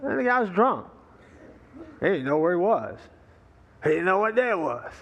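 A man's voice: high voice, big pitch swings, moderate pace, a bit bright. Folksy pastor man preaching a sermon. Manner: folksy joke-telling with chuckles and fillers.

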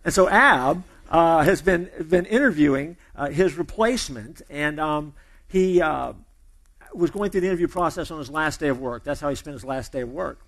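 A man's voice: fairly high pitch, animated, moderate pace, fairly bright tone. A man preaching a sermon in a loose, conversational storytelling way, often repeating and restarting his words. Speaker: pastor. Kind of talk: sermon opening with a told joke.

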